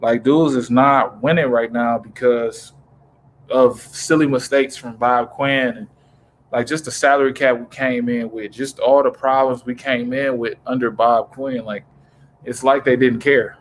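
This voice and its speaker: A man's voice: medium pitch, fairly even intonation, a little slow, a little hiss or hum. Laid-back man hosting a sports stream. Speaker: stream host. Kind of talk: casual sports talk on a voice call. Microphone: home mic on an online call.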